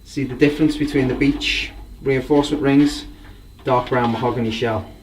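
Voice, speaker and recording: At a moderate pace, a medium-pitched drum collector with fairly even intonation shows off his gear, rambling with obvious enthusiasm. It's a casual show-and-tell, heard distantly over faint noise.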